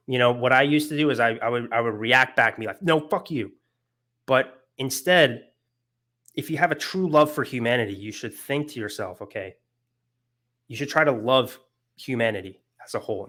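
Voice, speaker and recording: A man's voice: mid-range voice, a bit bright. A young man giving a casual philosophy lecture, earnest and emotional, with many fillers and restarts.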